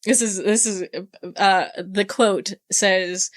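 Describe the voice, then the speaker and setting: A woman's voice: mid-range voice, steady tone. Casual woman retelling a book's plot. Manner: retells scenes in quick quoted dialogue, with swearing and laughs. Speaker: book club member. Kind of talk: casual book club chat.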